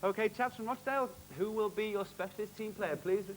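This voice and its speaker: A man hosting a televised quiz, with upbeat, jokey, quick quizmaster delivery. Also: high-pitched, a little hiss or hum, low-quality recording. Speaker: quiz show host.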